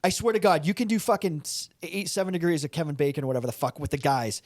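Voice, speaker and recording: A man hosting a podcast in casual, animated chat, swearing freely. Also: a little high, fast, no room sound, clean studio sound. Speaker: podcast host.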